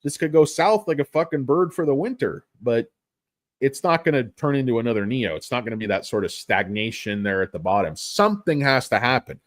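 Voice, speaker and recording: A man's voice: medium pitch, very animated, a little fast, dry recording, studio quality. A middle-aged man talking stocks on a casual livestream, rambling, swearing often and mocking himself. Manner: rambling, profane, self-mocking. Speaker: stock market streamer.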